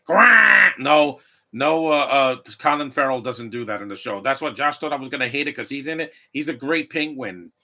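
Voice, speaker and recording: Opinionated man with a bright, forceful voice. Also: mid-range voice, quick pace, hardly any pauses. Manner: opinionated, rambling, frequent restarts. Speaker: movie commentator. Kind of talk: live watch-along commentary.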